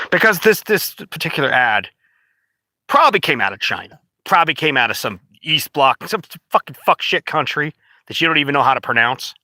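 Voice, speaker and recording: A man's voice: medium pitch, pushed and bright, no echo. A man ranting casually to the camera in a profane, rambling, indignant way. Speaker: vlogger.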